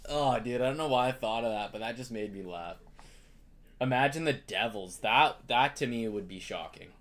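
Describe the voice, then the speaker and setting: A man's voice: medium pitch, normal speed, a bit bright. A young Canadian man hosting a live card break stream, chatting casually and greeting viewers by name.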